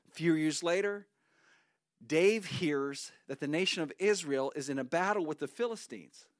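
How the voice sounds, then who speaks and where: A man preaching a sermon, telling a Bible story with lively acted-out quotes. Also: on the high side, moderate pace, no room sound. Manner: animated storytelling, acts out quotes. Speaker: pastor.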